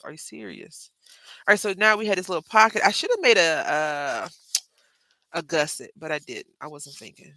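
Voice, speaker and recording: Gravelly and sharp-toned, her fairly low voice comes through with no room sound. She's a Southern Texas woman hosting a casual live craft tutorial, chatty and rambling, often speaking to viewers as y'all.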